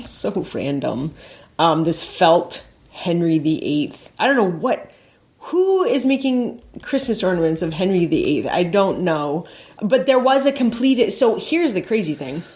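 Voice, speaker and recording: Woman, American, co-host, animated chatty delivery, lower pitched voice. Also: unhurried. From United States. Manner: animated, laughs often. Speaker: podcast co-host. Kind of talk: casual chat.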